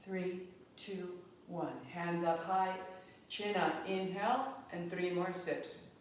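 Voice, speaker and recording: A woman's voice: fairly low pitch, slow. Woman guiding yoga in an echoey room. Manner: calm, rhythmic cueing of breath and movement. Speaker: yoga teacher. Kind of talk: guided yoga class instruction. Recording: very echoey, distant, faint room noise.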